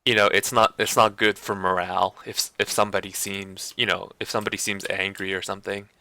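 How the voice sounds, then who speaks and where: Speaking quickly in a lowish, gravelly voice, this male streamer chats casually, rambling, restarting sentences, and using heavy fillers like "like" and "you know." His delivery is flat and his tone pushed and bright. The recording is dry.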